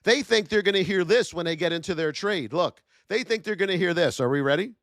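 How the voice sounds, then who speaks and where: Animated high-voiced man teaching trading. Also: fairly quick, no echo, clean studio sound. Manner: animated, rhetorical questions, shouts out viewers. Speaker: trading educator and live-stream host. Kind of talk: live-stream teaching.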